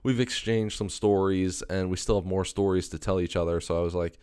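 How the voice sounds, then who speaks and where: A man's voice: deep voice, fairly even intonation, fast talker, hardly any pauses, a little mellow, smooth, no room sound, studio quality. A young man hosting a podcast, telling a rambling story in a loose, swearing way with lots of fillers and restarts. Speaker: podcast host.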